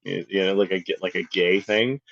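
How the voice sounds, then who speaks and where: A man rambles through casual talk, full of fillers and restarts. His voice is fairly low. The audio is dull and lo-fi. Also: fairly even intonation, fairly quick, creaky, fairly bright tone. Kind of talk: casual chat.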